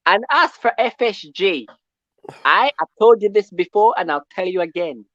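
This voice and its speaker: A male caller ranting about football, loud and animated, who keeps asking "yeah?" between points. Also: high voice, moderate pace, no echo, highs cut off. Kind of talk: call-in football rant.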